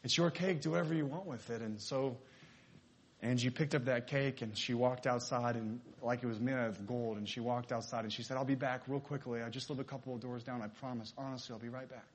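A man at a middle pitch preaches through a story. He voices each character's lines as he tells it, in a sermon style. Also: fairly even intonation, a little fast.

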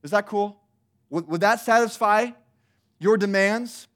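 A snarky, ungrateful people fire mocking questions at God, as a man puts them on, pitched a little higher and louder than his usual talk. The voice drips with sarcasm and piles on exaggerated offers. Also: a little slow. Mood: sarcastic.

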